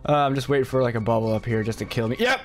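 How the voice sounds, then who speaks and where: A man's voice: medium pitch, very fast, faint music behind. A man streaming a video game, tired and losing his voice, joking and laughing, with frick and freaking in place of swears. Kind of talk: casual live-stream commentary.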